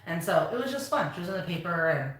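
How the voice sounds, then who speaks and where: A woman's voice: lowish voice, very animated, fast talker, a bit bright. A woman co-hosting a live stream in a casual chat, chatty and full of fillers as she retells things and prompts her co-host. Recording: very echoey room, faint noise.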